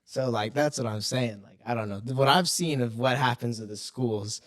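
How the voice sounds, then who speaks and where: A man's voice: medium pitch, moderate pace. Profane, rambling young man telling stories. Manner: loose, profane storytelling. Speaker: podcast co-host. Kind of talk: casual chat.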